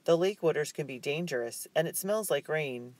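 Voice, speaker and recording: A man voicing a cheerful, proper store clerk in an audiobook, his voice raised and lively. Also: on the high side, normal speed, no echo, lightly acted.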